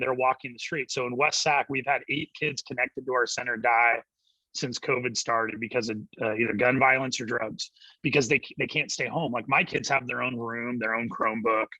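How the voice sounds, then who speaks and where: A middle-aged man, a youth ministry director, telling an animated story as a guest on a church interview show. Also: medium pitch, no room sound, rough recording. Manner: animated storyteller acting out quotes, quick laughs.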